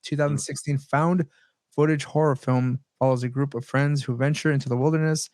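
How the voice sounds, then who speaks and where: A man of middle pitch co-hosts a podcast in easy, casual chat. He laughs often and swears offhandedly as he reads out his notes. The sound is dry and close. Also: steady tone, fairly quick, a little mellow, no room sound. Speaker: podcast co-host.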